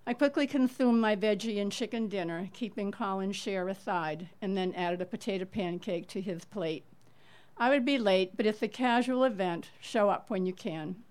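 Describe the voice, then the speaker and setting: A middle-aged woman reading a personal true story aloud to listeners, measured and earnest, leaning into the tense moments. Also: medium pitch, darkish tone.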